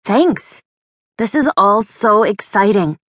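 A woman voicing an eager, upbeat young female treasure hunter with an excited delivery, pitched higher than her narration. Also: slow, breathy edge, no echo, studio quality, heavily acted. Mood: cheerful.

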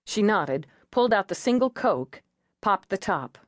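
Measured woman audiobook narrator. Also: medium pitch, no room sound, clean studio sound. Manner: measured, expressive reading.

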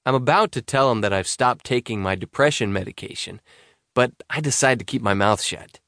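A man narrating a young adult novel in the first person, in a conversational, expressive way. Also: medium pitch, fairly quick, no room sound, clean studio sound. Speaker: audiobook narrator.

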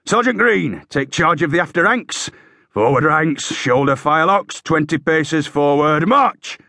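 A man voicing a scarred, zealous old army sergeant who barks orders in a gruff voice. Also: fairly low pitch, expressive, measured pace, fairly bright tone, no echo, voice pushed up, heavily acted. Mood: barking. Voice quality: gruff, barking. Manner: bellows drill orders, fervent.

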